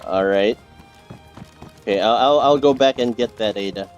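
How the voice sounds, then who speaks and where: Over music, a young streamer talks casually with teammates during gameplay at normal speed, rambling, repeating himself, and filling the gaps with fillers and restarts. His voice is fairly low and the recording sounds muffled.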